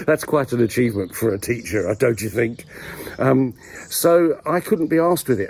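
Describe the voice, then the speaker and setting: Wry husky man rambling. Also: mid-range voice, a little mellow. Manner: wry, dry humour, hesitant with many ums. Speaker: vlogger. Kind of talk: casual rambling monologue. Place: village graveyard outdoors.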